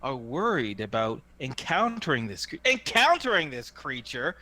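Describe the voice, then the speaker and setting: A man voicing a slick male hawker who gives a drawn-out, grandiose sales pitch. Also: big pitch swings, sharp tone. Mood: persuasive. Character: slick male toad-fortune hawker, showman.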